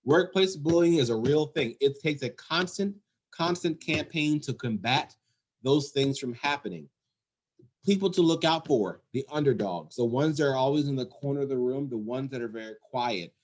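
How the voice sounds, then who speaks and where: A man's voice: medium pitch, normal speed. A man who runs an emergency call center, giving an earnest, emphatic leadership talk and repeating his key points. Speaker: 911 center executive director.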